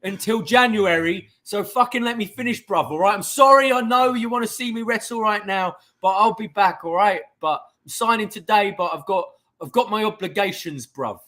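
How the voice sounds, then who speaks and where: A man doing a loud cocky British wrestler. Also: high-pitched, moderate pace, hardly any pauses, pitched above the performer's own voice. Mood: cocky, defiant. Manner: swearing, shouting, slangy. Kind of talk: impression on a wrestling podcast.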